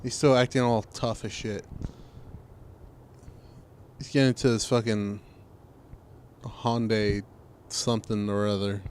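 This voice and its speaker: A young man co-hosting a casual podcast, telling an animated, profane story about a stranger. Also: lowish voice, unhurried, long pauses. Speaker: podcast co-host. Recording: faint background noise.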